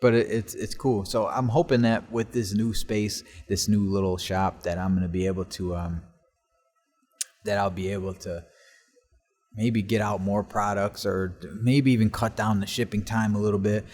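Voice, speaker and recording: A man with a somewhat low voice rambles through his stories in a loose, casual way, peppering nearly every sentence with curses. He records solo for his own podcast from a basement workshop in an old house, speaking into a laptop. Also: fairly even intonation, moderate pace, darkish tone. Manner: profane, rambling, swears constantly. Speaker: podcast host.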